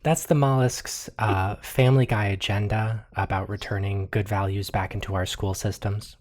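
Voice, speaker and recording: A game master narrating a tabletop game in an animated way, laughing often and filling with likes and uhs. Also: low-pitched, moderate pace.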